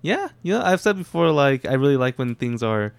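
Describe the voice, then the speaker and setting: A man's voice: mid-range voice, sing-song, brisk, creaky, smooth. A man in a casual movie discussion, laid-back, often saying "dude" and "like".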